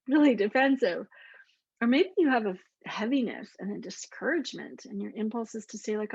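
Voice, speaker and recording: A woman explaining emotion coaching to teachers in an earnest, deliberate way, slowing down to repeat key lists. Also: on the high side, expressive, creaky, a little mellow, husky, no room sound. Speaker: clinician presenting to teachers. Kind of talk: explanatory talk to camera. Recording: dull lo-fi dry voice recording.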